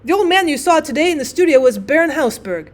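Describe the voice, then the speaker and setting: Woman reading jovial young male painter, booming, emphatic, storybook audiobook. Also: expressive, fast.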